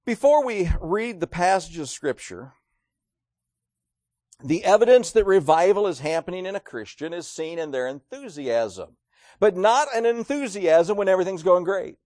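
A man preaching a sermon, animated and acting out quoted voices, swinging between loud and hushed. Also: high-pitched, moderate pace, no echo, clean studio sound.

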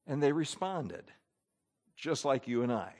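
A man preaching a sermon, emphatic, swinging between loud declarations and hushed asides. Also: mid-range voice, very animated, measured pace.

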